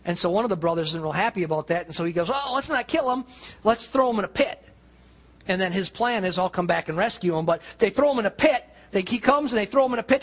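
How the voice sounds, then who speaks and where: A man's voice: sits high, husky, rough recording. A man preaching a sermon, retelling a story casually with quoted voices and many restarts. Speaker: pastor.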